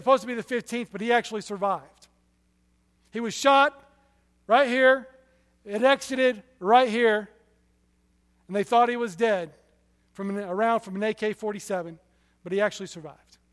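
High-voiced man preaching in a hall. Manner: impassioned storytelling, rising and falling sharply in loudness. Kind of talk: sermon.

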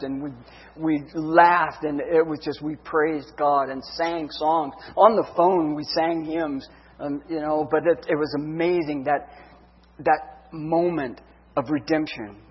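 Man in his fifties, preacher; earnest, heartfelt storytelling, slightly husky and a bit high, dull echoey hall sound. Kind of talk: sermon testimony.

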